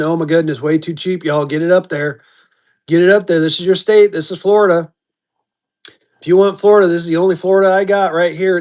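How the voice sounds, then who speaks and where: A man running a live-stream auction, chatty and upbeat, slipping into a quick auctioneer chant, his voice going hoarse. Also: fairly high pitch, darkish tone. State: losing his voice.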